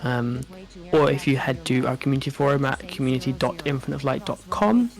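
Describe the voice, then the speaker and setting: A man co-hosting a live stream, chatting casually with a relaxed manner and frequent ums. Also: mid-range voice, fairly quick, vocal fry. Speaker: stream co-host.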